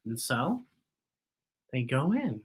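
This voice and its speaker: A woman reading a picture book aloud to children, animated and pointing out the illustrations. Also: a bass voice, slow, husky. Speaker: children's storyteller.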